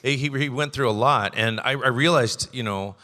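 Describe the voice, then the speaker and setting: A man's voice: mid-range voice, normal speed, pushed and bright, big-room sound. A man who voice-acts, rambling animatedly through stories on a convention panel stage. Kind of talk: casual panel talk.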